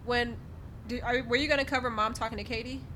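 A woman's voice: on the high side, steady tone, fast, a little hiss or hum. A woman co-hosting a podcast, chatting casually and jumping in to add details and quoted asides. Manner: bright, interjecting, adds details with quoted asides. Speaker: podcast co-host. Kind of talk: casual recap chat.

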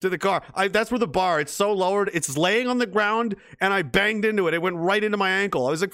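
A man with a notably high voice rants in mock outrage, playing a gruff spy-agency boss reacting to a clip. His talk is profane and sarcastic, rambling and full of restarts. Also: animated, fast, a bit bright. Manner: rambling with frequent restarts and fillers. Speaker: commentator.

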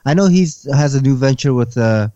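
A man co-hosting a casual hobby podcast, relaxed and agreeable, often hedging what he says. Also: moderate pace, dry recording. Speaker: podcast co-host. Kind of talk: casual chat. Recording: dull bassy mic.

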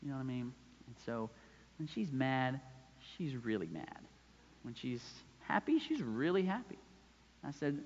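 Pastor preaching in an echoing hall. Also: male voice, mid-range voice, big pitch swings, a little slow, long pauses, a little mellow, breathy edge. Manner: conversational preaching with frequent "right?" tag questions. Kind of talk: sermon. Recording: dull sound with long hall reverb.

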